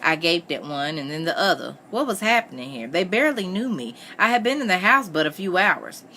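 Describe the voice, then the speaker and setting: A woman reading a novel aloud in steady first-person narration. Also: fairly low pitch, brisk, a little hiss or hum. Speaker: reader.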